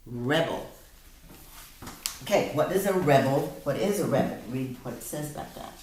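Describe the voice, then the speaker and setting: A woman tutoring a child one-on-one in a reading lesson, patient and coaxing, slowing down to model words. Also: deep voice, lively intonation, mellow, a little hiss or hum. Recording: echoey room, mic at a distance.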